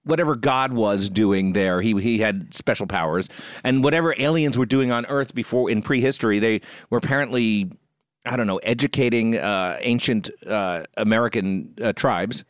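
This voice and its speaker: A man's voice: fairly low pitch, normal speed, no room sound, clean studio sound. A man co-hosting a casual podcast, discussing a film with wry, joking asides. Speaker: podcast co-host.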